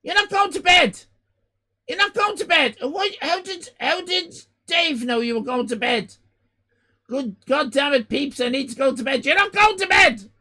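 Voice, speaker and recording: An Irish man in his fifties hosting a live stream, loud and exclaiming, swearing and joking as he reacts to chat. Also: extremely high pitch, normal speed. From Ireland. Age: 50s. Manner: loud, exclaiming, swears and jokes, rambling restarts.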